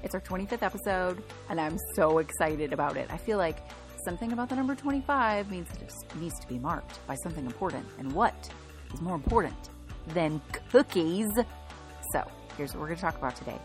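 A woman's voice: fairly low pitch, expressive, brisk, soft background music. Bubbly, chatty woman podcast host. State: a bit out of breath. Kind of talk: upbeat solo podcast teaching.

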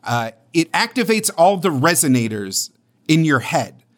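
Animated young man telling stories. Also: a little high, a little slow. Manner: animated, rambling storyteller. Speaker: podcast co-host. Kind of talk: casual podcast chat.

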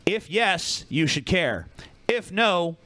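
A man's voice: high-pitched, sing-song, takes it slowly, sharp tone, no echo. A man co-hosting a podcast, ranting bluntly and combatively with constant swearing. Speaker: podcast co-host. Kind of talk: profane casual chat.

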